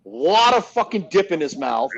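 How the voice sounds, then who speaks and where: A man hosting a casual chat, telling animated, profane stories and acting out what others said. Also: a little high, normal speed, muffled recording. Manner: animated storyteller, profane, acts out other people's lines. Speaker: host.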